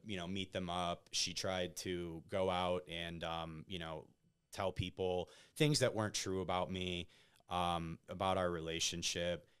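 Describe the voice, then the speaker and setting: This man has a deep, smooth, resonant voice with a fairly bright edge, and he loosely recounts his own stories while guesting on a podcast. It's casual interview chatter, dotted with "like" and repeated "right?" check-ins.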